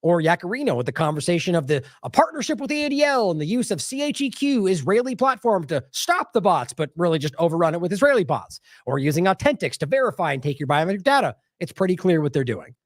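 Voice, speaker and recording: A man's voice: high voice, very animated, quick pace, few pauses, no room sound, clean studio sound. A man giving casual independent news commentary, indignant and talking straight to his viewers while he reacts to social media posts.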